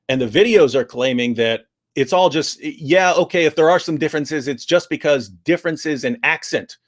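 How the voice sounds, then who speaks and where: A man giving an animated explanation on a livestream discussion, restarting sentences often and acting out quoted speech. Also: mid-range voice. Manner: frequent restarts, acts out quotes.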